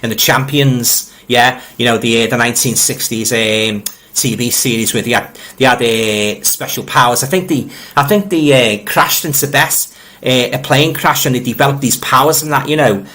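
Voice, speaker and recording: A chatty middle-aged man with a Liverpool accent, speaking at an ordinary pitch. He greets viewers directly and talks in a loose, rambling way, often stumbling over repeated words. He sounds like a casual live-stream host reading out comments. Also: normal speed, bright, forceful tone. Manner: friendly, addresses viewers directly.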